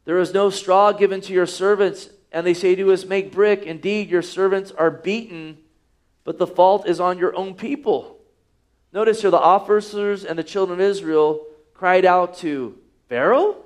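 High-voiced man preaching a sermon. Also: fairly even intonation, moderate pace. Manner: preaching with rhetorical questions, reading scripture aloud. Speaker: pastor.

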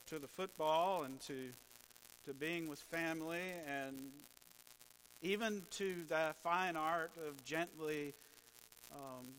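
A man preaching a sermon as pastor, telling stories in a slow, measured way with dry humor. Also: fairly high pitch, fairly bright tone, slight background noise, low-quality recording.

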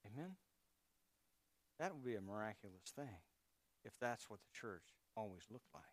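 A man's voice: fairly low pitch, lively intonation, moderate pace, no echo. A man preaching a sermon in a conversational way, with asides and prompts to the congregation. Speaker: pastor.

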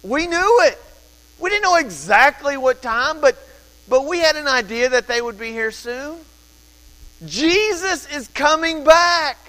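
A man's voice: very high voice, animated, unhurried, pushed and bright, big-room sound, rough recording. A man in his thirties, a pastor telling a family story in a sermon, then preaching in an earnest, urgent way.

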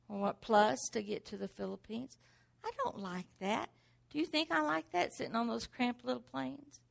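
A woman's voice: a little high, creaky, fairly bright tone. A middle-aged woman preaching a sermon, driving points home with rhetorical questions and repeated exhortations.

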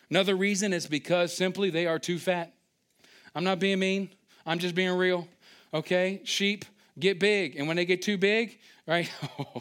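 A man preaching a sermon, animated and storytelling, who acts out little scenes with sudden high-pitched outbursts and drops into quiet asides. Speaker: pastor.

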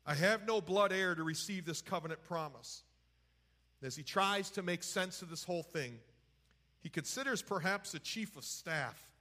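A man's voice: a little high, sharp tone. A man teaching from the Bible in a folksy, conversational way, retelling scripture in everyday words.

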